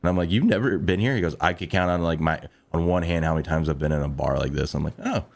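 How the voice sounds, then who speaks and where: A man's voice: deep voice, vocal fry. A man hosting a live sports talk show, telling trip stories with laughs and greeting viewers. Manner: laughing, storytelling, quick asides. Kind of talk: casual sports chat.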